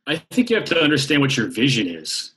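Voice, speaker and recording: A man answering as a guest on an interview show, animated and playful, slipping into casual profanity. His voice sits at an ordinary middle pitch. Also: quick pace. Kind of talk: conversational interview.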